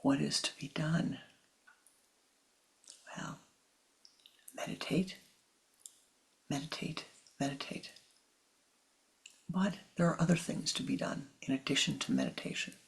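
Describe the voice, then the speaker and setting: A spiritual teacher gives a slow, meditative talk in a medium-pitched, creaky voice. Phrases are often repeated, and the speech drops into soft, whispery stretches.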